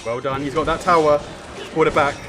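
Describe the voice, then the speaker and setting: A man hosting a live stream, commentating his own game with excitable groans and playful trash talk aimed at his opponent. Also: on the high side, a little fast, heavy background noise. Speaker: streamer and show host. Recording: game music playing under the voice. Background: game music.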